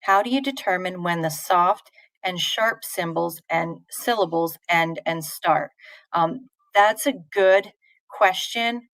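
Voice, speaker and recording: Female teacher, unhurried explanations, slightly low pitch, casual live-lesson delivery. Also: fairly bright tone, no room sound, poor audio. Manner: patient, informal, many fillers and restarts. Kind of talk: live online poetry lesson answering chat questions.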